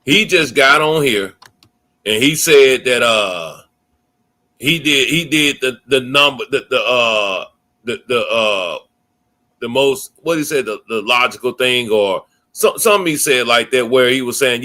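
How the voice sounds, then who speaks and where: A man's voice: medium pitch, expressive, unhurried, pushed and bright. A man hosting a reaction commentary, heated and profane, stumbling over repeated words. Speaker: commentary host.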